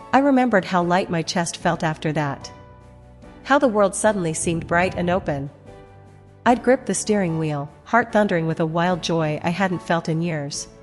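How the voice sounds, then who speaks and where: A woman narrating a first-person dramatic story in a measured voice with heavy pauses. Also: fairly low pitch, animated. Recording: long reverb, music behind.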